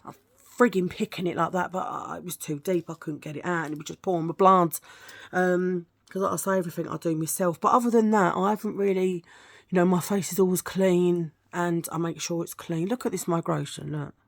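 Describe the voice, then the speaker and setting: A woman's voice: on the low side, steady tone, a little fast, creaky. A middle-aged woman chatting casually and frankly in a beauty product review vlog, rambling from one point to the next. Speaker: beauty vlogger.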